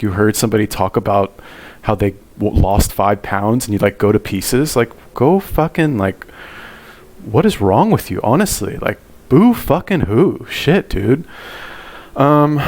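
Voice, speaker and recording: A man's voice: on the low side, creaky. A man giving blunt, profane reaction commentary on a video clip. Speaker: commentary host.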